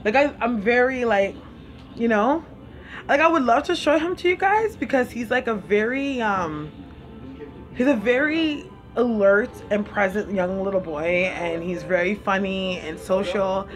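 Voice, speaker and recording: A woman's voice: mid-range voice, lively intonation, measured pace, soft background music. A woman with a Caribbean accent hosting a casual live stream, chatting and eating while she answers viewers' comments. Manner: chatty, eats while talking, reads viewers' comments aloud. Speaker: livestream host.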